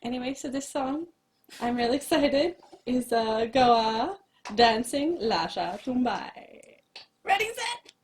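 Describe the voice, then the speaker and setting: A woman's voice: fairly high pitch, measured pace. A woman co-hosting a casual chat, talking in a rambling, giggly way. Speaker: co-host.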